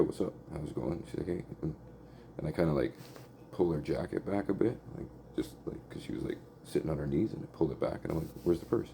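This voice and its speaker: A man's voice: rumbling low, mellow, a little hiss or hum. A man telling a long personal story in a rambling, profane, casual way, peppered with "like" and "right?".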